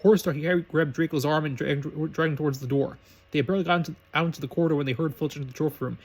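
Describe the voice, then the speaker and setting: Fast-reading man narrating a story. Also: a little high, slightly rough. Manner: brisk reading with slips and restarts. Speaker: reader of fan fiction.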